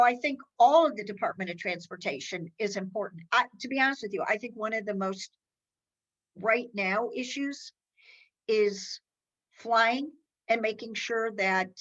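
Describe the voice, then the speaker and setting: A woman's voice: medium pitch, fairly bright tone, highs cut off. A middle-aged woman hosting a podcast in casual conversation. She is chatty and rambling, with many restarts and fillers. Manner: acts out others' lines in quoted voices while telling stories. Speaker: podcast host.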